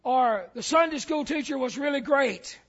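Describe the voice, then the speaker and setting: Pastor, male, very high voice, storytelling sermon that swells to shouting, muffled lo-fi recording. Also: lively intonation, normal speed. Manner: storytelling preacher, repeats words, builds to shouts.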